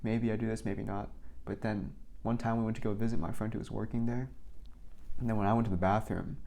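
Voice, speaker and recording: Young man rambling, gravelly low voice. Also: level tone, a little fast, mellow. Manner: rambling, filler-heavy, many "like"s. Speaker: vlogger. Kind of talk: casual rambling storytelling.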